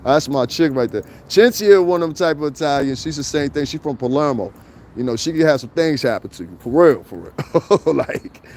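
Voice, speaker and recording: Hosting a casual livestream on a cold city street, a middle-aged man from New York reads comments and rambles through loose stories full of profanity. His voice is mid-range and a little mellow, and slight background noise can be heard.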